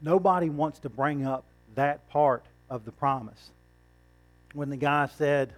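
A man's voice: fairly high pitch, fairly even intonation, a little slow, soft background music. A man preaching a sermon in a conversational way, asking rhetorical questions and chuckling now and then.

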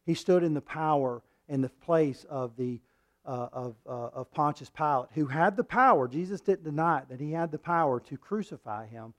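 A man preaching a sermon in a slightly raised register. He reads scripture aloud, acting out the quoted lines, and his delivery swings from loud, forceful passages to near-whispered ones. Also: a little high, moderate pace. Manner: dramatic swings between loud and hushed delivery.

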